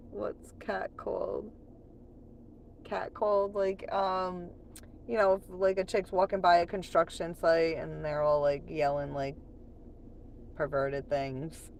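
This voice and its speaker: A woman's voice: fairly low pitch, gravelly, a little mellow, a little hiss or hum. A woman chatting on a late-night livestream from home, profane and laughing often while she reads chat aloud.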